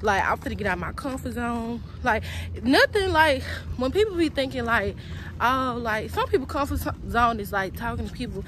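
A woman's voice: on the high side, lively intonation, normal speed, fairly bright tone. A young woman, talking casually to her viewers while walking around a college campus, chatty and full of slang. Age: young adult. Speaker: college student vlogger. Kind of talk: casual walk-and-talk vlog. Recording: outdoor traffic noise behind.

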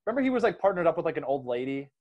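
A man hosting a casual movie discussion, animated, laughing often and trailing off into restarts. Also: fairly high pitch, racing, lo-fi sound. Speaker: podcast host.

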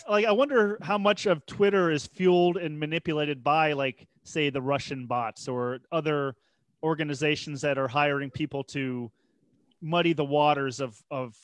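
A man hosting a video-call podcast, asking slow, searching questions full of fillers and restarts. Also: fairly high pitch, fairly even intonation, dry recording. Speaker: podcast host. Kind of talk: casual podcast chat.

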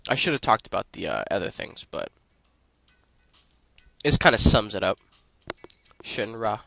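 Bright-voiced casual let's play guy. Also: on the low side, a little slow, creaky, rough recording. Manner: relaxed, rambling with fillers. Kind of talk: casual gameplay commentary. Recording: faint game music behind.

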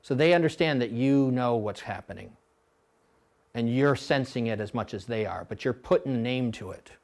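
A middle-aged man coaching coxswains at a clinic, blunt and animated, now and then mimicking rowers in a high voice. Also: normal speed. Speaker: rowing coach.

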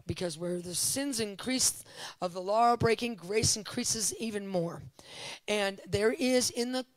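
A middle-aged woman preaching at a conference, telling testimonies in an animated, emphatic way and repeating phrases for emphasis. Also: mid-range voice, no room sound, rough recording.

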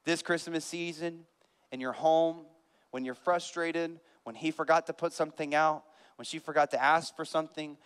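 A male pastor delivering a sermon in a church, swinging from hushed earnest appeals to loud, fervent preaching while a band plays behind him. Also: a little high, clean tone. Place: church sanctuary. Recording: long hall reverb with band music. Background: live band playing.

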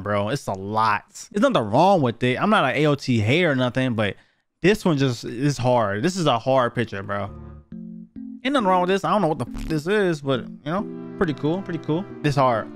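A young man giving blunt, profane, slang-heavy reactions as he reviews viewer submissions in a casual video. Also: mid-range voice.

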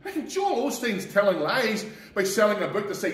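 A Northern Irish pastor preaches in a high-pitched, earnest and folksy way, talking straight to his congregation. His voice rings around an echoey church and is picked up from a distance off the mic. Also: sing-song, a little fast, fairly bright tone. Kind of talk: sermon.

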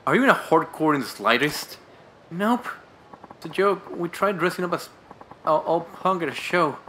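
A man's voice: fairly high pitch, lively intonation, normal speed, bright, forceful tone, a little hiss or hum. A man voicing a jumpy punk band singer who flips between cowering squeals and tough-guy bluster. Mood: sheepish. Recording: roomy echo, faint game music.

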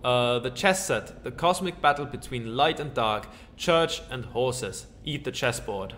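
In this let's-play commentary, a man who hosts a gaming channel reads a comedy game's text aloud and playfully throws in goofy jokes. He speaks at a measured pace in a mid-range, animated, slightly bright voice, over a little hiss or hum.

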